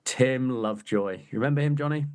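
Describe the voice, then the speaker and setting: A man's voice: mid-range voice, fairly quick, a little mellow, smooth. Wry, joking man chatting on a podcast. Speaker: podcast co-host. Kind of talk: casual chat.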